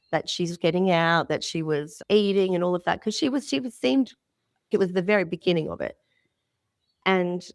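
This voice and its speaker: Woman, middle-aged, Australian accent, candid rambling storytelling, lower voice, dry sound. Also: dry recording. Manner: candid, rambling, restarts mid-sentence. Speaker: guest. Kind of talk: emotional personal storytelling.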